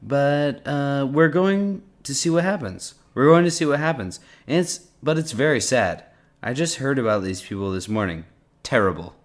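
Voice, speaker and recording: A man voicing an impression of a blustery US president, halting and repetitive with many uhs. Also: mid-range voice, expressive, voice pushed up, lightly acted.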